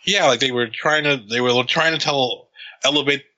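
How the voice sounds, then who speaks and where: Man, casual movie-chat co-host, very bright tone, profane and animated storyteller. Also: mid-range voice, moderate pace, dull audio. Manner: profane, laughing, acts out scenes in quotes.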